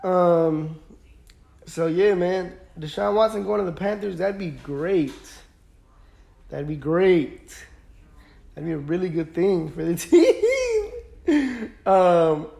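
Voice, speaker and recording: A man's voice: sits high, takes it slowly, creaky, long pauses, warm tone. A young man hosting a podcast, chatting casually about sports in a laid-back, rambling way with lots of fillers. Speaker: podcast host.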